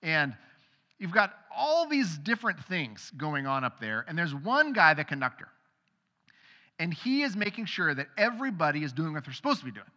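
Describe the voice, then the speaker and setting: A man's voice: a little high, big pitch swings, moderate pace, bright, forceful tone, in a large hall. A male pastor giving a sermon in a conversational way, acting out the voices of people in the stories he tells. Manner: conversational, acts out quoted voices.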